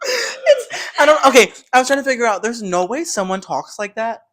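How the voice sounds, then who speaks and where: A woman's voice: on the high side, a bit bright. Rambling teenage girl telling a tangent. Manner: rambling, full of likes and tangents. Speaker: podcast co-host. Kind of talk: casual chat.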